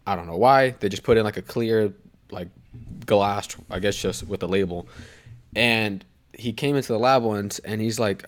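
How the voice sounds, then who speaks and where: At a normal speed and fairly low pitch, this young podcast co-host rambles through a casual story, swearing often and drifting off on tangents.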